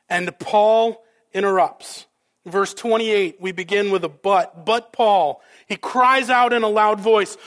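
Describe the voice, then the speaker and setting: A male pastor preaching a sermon, dramatic, with rhetorical questions and swings between loud and soft. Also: high voice.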